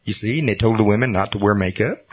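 A middle-aged man with a fairly low, slightly breathy voice preaches a sermon at a quick pace. He earnestly tells personal stories laced with self-deprecating humor, captured on a dull lo-fi recording.

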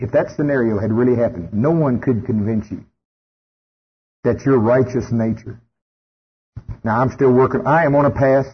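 A man's voice: medium pitch, husky. A man preaching a sermon in a church, folksy and storytelling, with frequent rhetorical questions. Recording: dull lo-fi sermon tape.

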